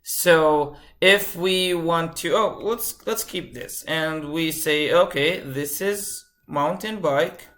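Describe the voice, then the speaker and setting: Bright-voiced man teaching a coding lecture. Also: fairly high pitch, slow pace, hardly any pauses. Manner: repeats key phrases, asks the class rhetorical questions. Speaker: computer science instructor.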